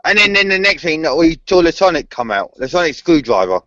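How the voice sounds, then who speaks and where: A man's voice: on the high side, sing-song, brisk, bright, forceful tone, no echo. Hesitant guy on a podcast, lots of ums, dry lo-fi audio. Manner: hesitant, stumbling, many fillers. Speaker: podcast co-host. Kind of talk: fan podcast discussion.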